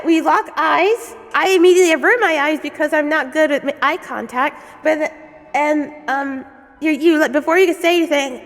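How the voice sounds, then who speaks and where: A woman streamer with a sore throat giving a casual lesson, giggly and rambling. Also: high voice. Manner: giggly, rambling, self-conscious. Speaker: streamer teaching as a bear character. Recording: long reverb with background music.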